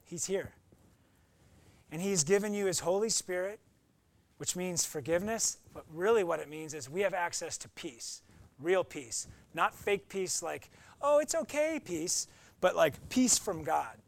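A man's voice: sits high, measured pace, gravelly. A young adult man preaching a conversational sermon as pastor, often acting out quoted voices.

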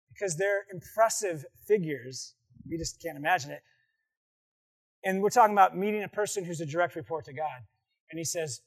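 A male pastor with a high, light voice delivers a sermon. He tells stories with animation and acts out the people in them, dropping to near-hushed asides and then bursting out loud and excited. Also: moderate pace.

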